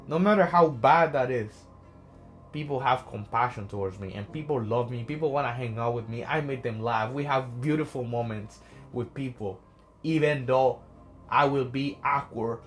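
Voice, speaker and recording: A young man from America, talking as a motivational vlogger, earnest and often asking "right?". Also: mid-range voice. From Latin America. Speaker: social anxiety coach. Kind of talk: motivational vlog talk.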